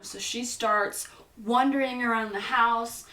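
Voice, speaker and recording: A young woman chats through a movie recap, unhurried and playful, acting out the characters' lines. Her voice is bright and fairly high. She sounds a little away from the mic in a roomy space. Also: steady tone, distant mic, a little hiss or hum. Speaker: host.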